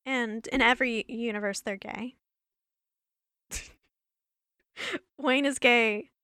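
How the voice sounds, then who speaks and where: A woman's voice: fairly high pitch, fairly even intonation, slow pace, sharp tone, clean tone, dry recording. Female podcast host, giggly rambling chat, tired worn-out voice, dry close-miked sound. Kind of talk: casual solo podcast chat.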